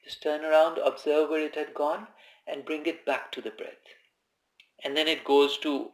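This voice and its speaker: A man giving informal spoken meditation instruction, calm and conversational, who repeats his key phrases. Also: fairly high pitch, normal speed. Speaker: meditation teacher. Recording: echoey room.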